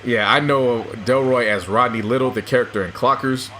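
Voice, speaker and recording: A man's voice: medium pitch, steady tone, normal speed, bright, forceful tone, soft background music. A man co-hosting a podcast in casual chat, retelling stories with hesitations and quoted lines. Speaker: podcast co-host.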